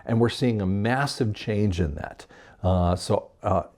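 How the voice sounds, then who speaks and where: A man who works as a hearing clinic doctor, explaining a health topic to camera in a casual, conversational way, with many fillers and pauses. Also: fairly low pitch, darkish tone.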